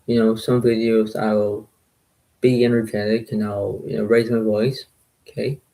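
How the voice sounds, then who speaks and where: Brief: soft-spoken man, low, dark gravelly voice, rambling casual vlog talk. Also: little pitch movement, normal speed, rough recording. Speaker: poker video creator. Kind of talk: casual rambling recap to viewers.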